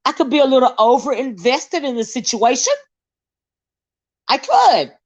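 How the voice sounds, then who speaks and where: A woman's voice: high voice, moderate pace. A woman chatting casually and teasingly with viewers on a livestream. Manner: animated, teasing, Southern-style banter. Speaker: livestream host. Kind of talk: casual live chat with viewers. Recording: slightly dull lo-fi stream audio.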